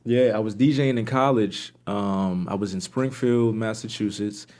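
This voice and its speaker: Young New York man, casual guest, storyteller who springs up into quoted voices. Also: moderate pace. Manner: animated, acts out quoted voices with big pitch jumps. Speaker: podcast guest, music producer and DJ.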